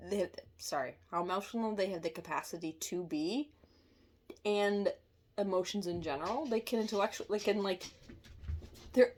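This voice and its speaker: A woman giving a casual tarot reading in a chatty way, often laughing, apologizing and correcting herself mid-sentence. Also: mid-range voice. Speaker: tarot reader.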